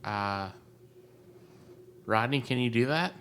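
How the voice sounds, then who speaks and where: A man playing a tabletop game, speaking quietly and hesitantly. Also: mid-range voice, takes it slowly, smooth. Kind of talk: casual play at the table.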